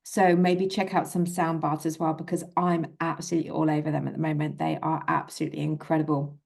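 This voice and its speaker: Calm, gravelly-voiced woman coach. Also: low voice, fairly quick. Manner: calm, gentle, encouraging, repeats soothing phrases. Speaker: manifestation coach. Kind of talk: self-help talk to camera.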